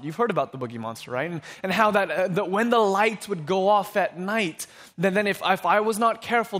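Young preacher chatting with the congregation, storytelling, kinda high voice. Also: male voice, a bit bright. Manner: conversational storytelling, asks the crowd questions. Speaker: pastor. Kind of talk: sermon.

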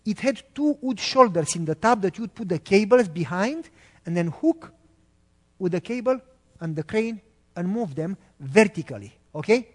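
A high-voiced man shares a testimony story in a sermon. He is animated and acts out the people in it, often turning to ask his listeners whether they follow. Long reverb from a hall follows his words. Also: moderate pace. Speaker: preacher giving a testimony.

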